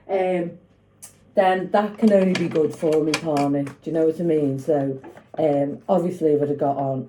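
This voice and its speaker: Low, dark-voiced chatty woman. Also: steady tone, normal speed, slight background noise, low-quality recording. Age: middle-aged. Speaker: vlogger. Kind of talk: casual chat to camera while making food. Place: home kitchen.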